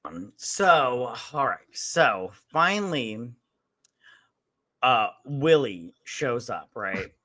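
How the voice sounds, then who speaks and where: A man's voice: medium pitch, extremely slow. A man co-hosting a casual movie review podcast, swearing freely and acting out lines from the film as he retells it. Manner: profane, animated retelling with quoted voices. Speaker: podcast co-host.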